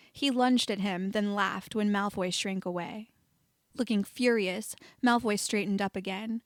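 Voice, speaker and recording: A woman narrating a fan-fiction story in a quiet, measured reading. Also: mid-range voice, no room sound, studio quality. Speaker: audiobook reader.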